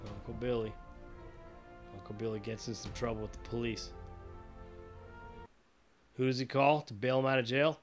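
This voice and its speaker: A man's voice: mid-range voice, level tone, moderate pace, long pauses, soft background music. A man hosting a podcast, telling a long digressive comic story full of profanity. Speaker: podcast host.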